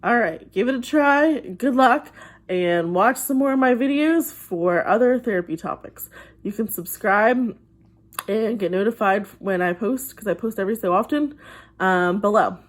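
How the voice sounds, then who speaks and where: A woman's voice: mid-range voice, lively intonation. A woman who works as a behavioral therapist, talking to the camera and patiently explaining advice to children. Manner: gentle and patient, acts out parents' voices in quick asides.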